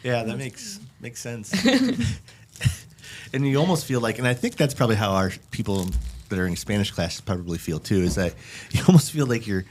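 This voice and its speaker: Male podcast host, low voice, animated delivery, jokey casual chat, laughs a lot. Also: normal speed, slight background noise. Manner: laughs often, lively and joking.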